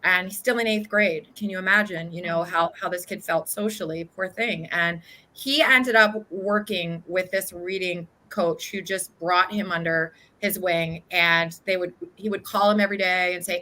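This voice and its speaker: A woman's voice: on the low side, fairly even intonation, normal speed, bright, forceful tone, poor audio. A woman guest telling heartfelt stories in an earnest, conversational way. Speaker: charter school guest. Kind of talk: conversational interview.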